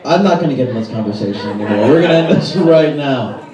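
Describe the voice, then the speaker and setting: A man doing a stand-up set in a toy store, quick self-mocking jokes, laughing at his own punchlines. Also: mid-range voice, lively intonation. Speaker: stand-up comedian. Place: toy store with live crowd. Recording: roomy live sound from far off with crowd.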